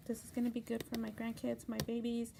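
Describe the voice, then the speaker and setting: Craft host, middle-aged woman, high voice, gushing casual chat, paper crinkling over background noise. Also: fast, gravelly. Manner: gushing, excited, gasping exclamations.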